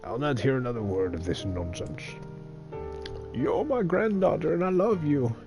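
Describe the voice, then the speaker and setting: A man's voice: mid-range voice, expressive, normal speed, music in the background, pitched above the performer's own voice, lightly acted. A man voicing a tough, vulgar old grandmother who scolds bluntly but lovingly. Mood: fierce.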